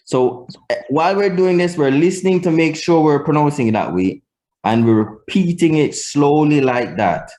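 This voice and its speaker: A man's voice: a little high, expressive, moderate pace, darkish tone. A Jamaican man teaching a live class, patient and repeating key points for emphasis. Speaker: language teacher.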